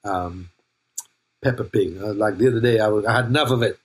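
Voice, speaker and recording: An older male pastor delivers a playful, joking sermon with a husky voice. He checks in with the congregation and calls on people by name. His delivery stays loose and conversational. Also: fairly low pitch, brisk. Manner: playful, jokey preaching with laughs and call-outs to the congregation.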